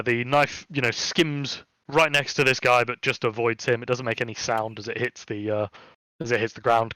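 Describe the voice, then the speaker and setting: A man running a tabletop game as game master, narrating in a relaxed, chatty way with many fillers. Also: mid-range voice, no echo.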